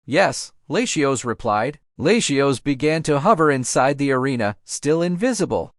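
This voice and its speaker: A man reading a fan fiction audiobook aloud in a steady storybook manner. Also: medium pitch, normal speed, no echo, clean studio sound. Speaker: audiobook narrator.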